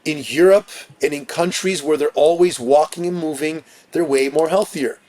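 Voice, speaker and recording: Energetic higher-voiced coach. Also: male voice, moderate pace. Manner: energetic, emphatic listing of points. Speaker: guest fitness coach. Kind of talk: podcast interview.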